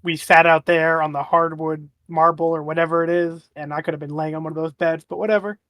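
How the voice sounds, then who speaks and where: A man's voice: a little high, little pitch movement, brisk, no echo, lo-fi sound. A man playing a tabletop game, joking and haggling in casual talk. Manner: joking, bargaining. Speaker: player. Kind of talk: casual in-character play.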